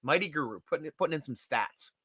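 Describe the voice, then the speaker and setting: A middle-aged man hosts a casual live-stream chat, animated and laughing easily. His voice is bright and fairly high. The sound is dry and close. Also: husky, dry recording. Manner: animated and chatty, quick to laugh. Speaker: host.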